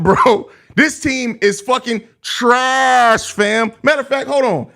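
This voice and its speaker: A young man with a very high-pitched voice delivers a live-stream postgame rant. He is exasperated and profane, and he leans on slang, drawing out his complaints again and again. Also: a bit bright. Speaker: host of a live postgame show.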